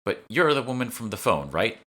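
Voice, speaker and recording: A man's voice: mid-range voice, very animated, brisk, fairly bright tone, voice pushed up. A man voicing a young woman game developer who asks dry, wry questions.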